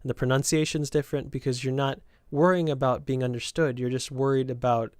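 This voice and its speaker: A man's voice: medium pitch, flat delivery, a little fast, dry recording, clean studio sound. A young man from the southern United States with a light Southern accent, hosting a casual podcast in a chatty, meandering way that keeps correcting itself. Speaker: podcast host. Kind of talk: casual rambling podcast chat.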